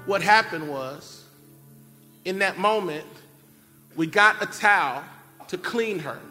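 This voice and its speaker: A man preaching a sermon, telling a family story in an animated way and acting out shouted cries. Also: sits high, takes it slowly. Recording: long reverb of a large hall. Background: keyboard music.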